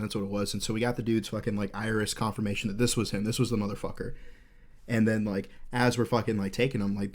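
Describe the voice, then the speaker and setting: With a fairly low, darkish voice, this man in his thirties hosts a podcast and tells a story casually. He's intense and earnest, fills his rambling with fillers, and swears in almost every sentence.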